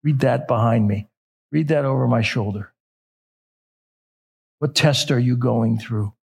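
A man's voice: mid-range voice, a little slow, gravelly, breathy edge. A middle-aged man preaching a sermon in a conversational way, often correcting himself mid-sentence. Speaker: pastor.

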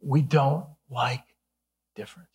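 A man's voice: medium pitch, takes it slowly, breathy edge. A middle-aged man from Ohio, a pastor preaching an earnest sermon with humorous asides. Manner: earnest, then playfully animated with jokes.

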